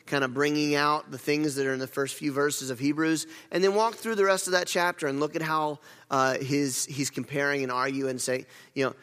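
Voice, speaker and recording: A man's voice: on the high side, fairly even intonation, a little fast, hardly any pauses, a bit bright, clear, resonant tone. A pastor delivers his sermon in a slightly raised voice, earnest and prone to stumbling restarts. His words ring through a church hall with a long, lingering reverb.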